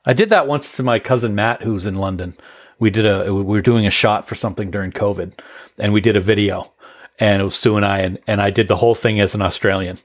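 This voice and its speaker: A man's voice: on the low side, steady tone, quick pace, no echo, studio quality. A man co-hosting a podcast, chatting casually and laughing often at himself. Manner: laughs often, self-deprecating banter. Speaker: podcast co-host. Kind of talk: casual chat.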